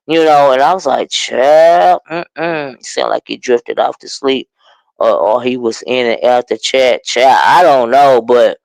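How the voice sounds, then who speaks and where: A man hosting a casual livestream, chatting about online drama and greeting viewers in the chat with drawn-out exclamations. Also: mid-range voice, dry recording, rough recording. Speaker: livestream commentary host. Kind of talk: casual livestream gossip commentary.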